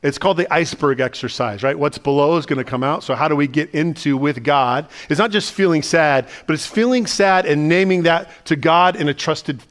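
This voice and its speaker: A man, the pastor, preaching a sermon in a conversational, animated way and asking the listeners lots of questions. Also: fairly high pitch, a little fast, hardly any pauses. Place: church sanctuary.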